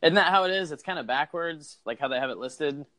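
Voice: mid-range voice, animated, fairly quick, a bit bright. A podcast host chatting casually and asking the guest questions. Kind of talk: casual chat.

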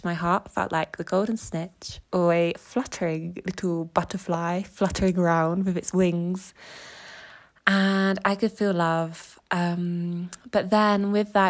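A young woman from England telling a personal story in a chatty, emotional way, using "like" a lot. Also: medium pitch. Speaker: vlogger.

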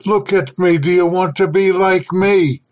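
Man voicing a panicked half-mad explorer, frantic, pleading, high strained voice. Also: fairly even intonation, a little slow, darkish tone.

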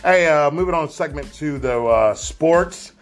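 A man's voice: fairly high pitch, normal speed, soft background music. A man in his thirties co-hosting a casual chat show, telling stories with lots of swearing and acted-out voices. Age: 30s. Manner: animated, swears freely, acts out voices in stories. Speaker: podcast co-host.

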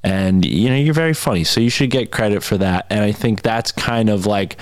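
A man's voice: lowish voice, brisk, no echo. A man hosting a podcast, chatting in an easygoing, rambling way. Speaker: podcast host. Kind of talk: casual podcast chat.

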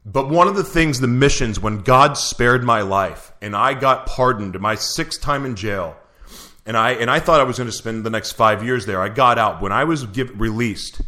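A man's voice: medium pitch, moderate pace, bright, forceful tone. A man hosting an interview, asking earnest, searching questions with frequent restarts. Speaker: interview host. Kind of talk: conversational interview.

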